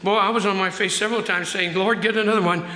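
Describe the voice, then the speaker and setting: An older man preaching as pastor of his church, acting out quotes and slowing down hard for emphasis. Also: high voice, fairly even intonation, sharp tone. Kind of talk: sermon. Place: church sanctuary. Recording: echoey hall.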